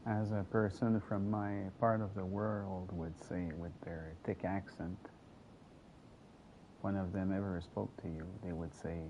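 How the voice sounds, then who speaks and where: A man's voice: low-pitched, a little slow, lo-fi sound. A man streaming a game, rambling and joking while stumbling over repeated words. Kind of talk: casual gameplay commentary. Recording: noisy with steady background hum.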